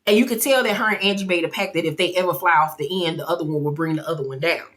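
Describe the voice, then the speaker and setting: A woman giving a casual, animated, gossipy episode recap. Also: lowish voice, very fast. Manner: animated, gossipy storytelling, acts out quotes. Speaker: vlogger.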